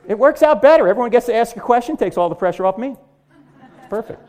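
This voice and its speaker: Middle-aged guy cracking jokes through a lecture, high voice that swings all over the place. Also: lively intonation, fast, a little mellow. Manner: joking, punchline-driven delivery. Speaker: Christian apologetics speaker. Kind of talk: humorous lecture to a live audience.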